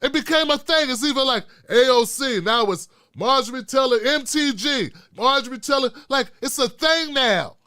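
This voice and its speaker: A male host tearing through a heated, profanity-laced political rant. His voice sits very high with a bright, forceful edge. The sound is dry and close, with no room to speak of. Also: lively intonation, moderate pace, hardly any pauses, no room sound. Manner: profane, heated, swears constantly.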